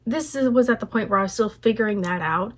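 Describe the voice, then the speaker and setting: A woman's voice: medium pitch, quick pace. A woman vlogger reacting to her own old video in a rambling, self-conscious way, often restarting her sentences. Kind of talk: casual reaction commentary.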